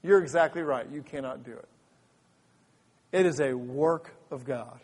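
A man's voice: medium pitch, fairly even intonation, normal speed, a little mellow. A man preaching a sermon as pastor in a church, fervent and full of repeated restarts. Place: church sanctuary. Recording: long hall reverb.

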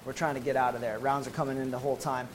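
An American man, a former Marine medic, telling a personal testimony to an audience in an animated, emphatic way with casual slang. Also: medium pitch, rapid-fire, slight background noise, poor audio.

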